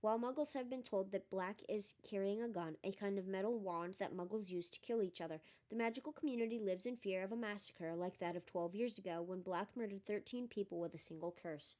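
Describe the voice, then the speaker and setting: A woman narrating a storybook in a plain, steady reading voice. She keeps the telling even between the characters' lines. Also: medium pitch, a little fast, few pauses. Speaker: audiobook reader.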